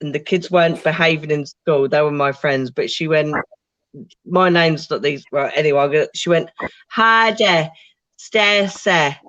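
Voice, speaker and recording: A woman's voice: low voice, fairly even intonation, moderate pace, highs cut off. A British woman co-hosting a stream, laughing and swearing as she tells school stories. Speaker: streamer, co-host. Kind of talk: casual chat.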